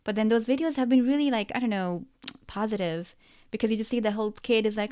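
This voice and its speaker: A woman's voice: fairly high pitch, fast talker, darkish tone, clean tone. A woman hosting a casual podcast conversation, chatty and appreciative toward her guest. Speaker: podcast host.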